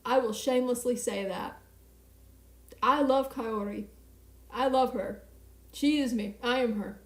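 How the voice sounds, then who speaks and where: A woman's voice: a little high, unhurried, reverberant. A young woman streamer chatting casually and rambling, with a self-mocking manner, in a small home apartment at night. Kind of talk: casual live-stream chat.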